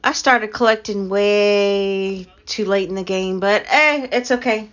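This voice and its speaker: A woman's voice: mid-range voice, measured pace, a bit bright. A middle-aged woman chats away to her live-stream viewers. She laughs often and talks straight to the chat in a mid-range voice. The stream audio is dull and lo-fi. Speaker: livestream host.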